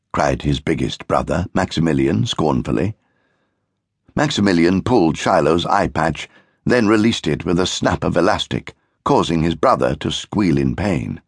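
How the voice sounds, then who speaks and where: A man narrating a children's audiobook in an expressive storytelling manner. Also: deep voice, normal speed, vocal fry, slightly rough, no echo, clean studio sound. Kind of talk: scripted narration of a children's book.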